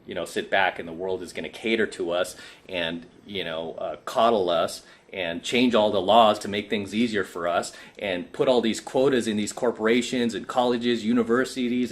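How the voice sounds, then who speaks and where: A man's voice: on the low side, fairly bright tone. A man coaching other men in a casual vlog monologue, emphatic and preachy, often asking "right?", and tired from too little sleep. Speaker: men's coaching YouTuber.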